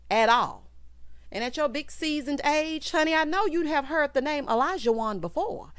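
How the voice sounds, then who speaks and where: A woman's voice: on the high side, fairly bright tone, no echo. A woman giving a sassy, casual recap of a reality show, talking straight to her viewers. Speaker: TV recap reviewer.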